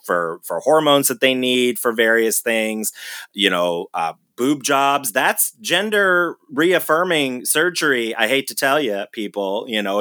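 Casual ranting guy, tense bright voice, dry sound, cusses a lot. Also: mid-range voice, no room sound. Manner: ranting, swearing, laughing often. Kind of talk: casual chat.

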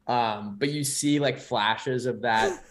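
A man's voice: mid-range voice, slow pace, fairly bright tone. A young man co-hosting a podcast, chatting casually and rambling with many restarts. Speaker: podcast co-host. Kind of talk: casual chat.

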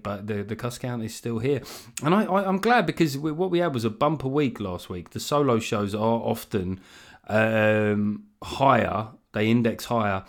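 A middle-aged man hosting a podcast solo, rambling through jokey, swear-filled asides into a mic that sometimes clips. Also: on the low side. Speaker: podcast host. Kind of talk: solo comedic monologue. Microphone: gain set too high, clipping at times.

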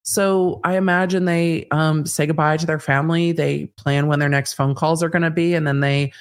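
A woman legal commentator giving analysis as an interview guest, measured and thinking aloud with fillers. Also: low-pitched, steady tone.

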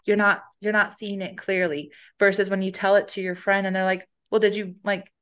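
A woman's voice: mid-range voice, level tone, fairly quick, fairly bright tone, smooth. Reflective woman co-host, thinking aloud. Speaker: podcast co-host. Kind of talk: casual chat.

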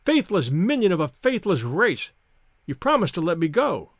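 A fiery, scornful teenage girl, as a male reader puts her on, quick-tongued and proud. The voice sits high and swings widely, with a dry, close sound. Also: big pitch swings, no echo, exaggerated voice. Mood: defiant.

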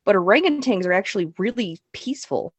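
A woman's voice: medium pitch, fast talker, slightly rough, no room sound, dull audio. Laughing woman podcast co-host, dry sound. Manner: animated, laughs often, acts out lines. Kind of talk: casual movie recap chat.

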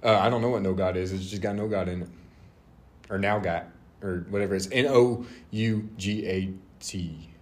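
A man's voice: low voice, fairly even intonation, moderate pace. A young man co-hosting a casual chat, laid-back and rambling with frequent restarts. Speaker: co-host.

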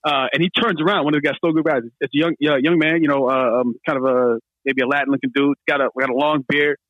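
A man hosting a podcast, telling a story in a casual, animated way and acting out what others said. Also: on the high side, fast, no echo, phone-quality sound. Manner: animated, laughing storyteller, acts out quotes. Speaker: podcast host.

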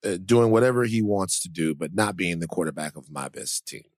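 Deep and darkish in tone, a man's brisk voice co-hosts a casual podcast chat, rambling with frequent fillers and restarts. The clean studio sound has no room sound.

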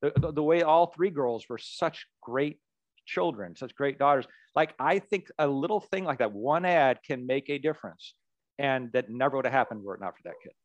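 Man, political ad maker as interview guest, animated storyteller, dry close sound. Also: medium pitch, normal speed, no room sound, dull audio. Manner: animated storyteller who repeats words as he goes.

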